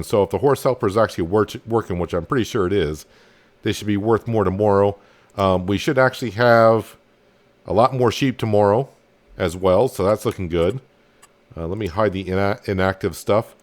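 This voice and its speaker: A man's voice: lowish voice, brisk. A man casually commenting as he plays a farming game, thinking aloud with many fillers. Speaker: gaming channel host. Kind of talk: casual let's-play commentary.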